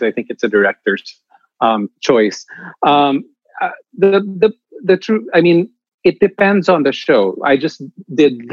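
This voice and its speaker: Male theatre mentor, interview guest, emphatic and restarting often, mid pitch, dull dry sound. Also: no room sound. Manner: emphatic, animated, many restarts. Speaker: theatre director and acting mentor. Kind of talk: candid interview answers.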